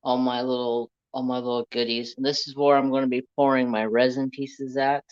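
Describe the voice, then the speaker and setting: A man chats on a homemade crafting livestream, wandering from one salty story to the next as he greets people in the chat. His voice sits at a middling pitch. It comes through a dull, lo-fi phone recording. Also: level tone, brisk. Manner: rambling, salty storytelling while reading live chat. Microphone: handheld phone.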